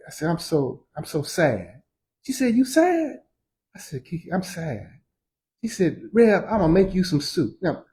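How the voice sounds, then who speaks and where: A pastor teaching a Sunday school class in a church. He speaks in a high, swooping voice that rises and falls with great animation. His delivery is folksy and full of slang, and he circles back over phrases again and again for emphasis. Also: rough recording. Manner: lively, folksy preaching with slang and repetition.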